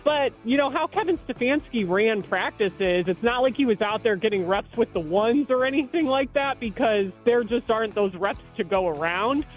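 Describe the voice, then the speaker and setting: A woman sports reporter heard in a replayed radio interview, laying out team news in a measured, explanatory way. Her voice sits at an ordinary pitch for a woman. Faint music lies under the clip. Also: animated, low-quality recording.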